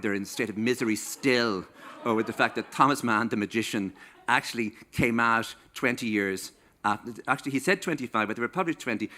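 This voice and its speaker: A man's voice: fairly low pitch, sharp tone. Wry Irish man telling stories on stage. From Ireland. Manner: wry, playful, acts out quoted voices. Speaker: author giving a stage talk. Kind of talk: comic storytelling to a live audience. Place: stage in a small venue.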